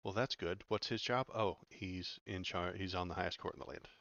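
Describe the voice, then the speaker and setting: A man's voice: low-pitched, brisk, gravelly, a bit bright, dry recording, lo-fi sound. A man giving casual, sarcastic political commentary as he reads news aloud, rambling with many fillers.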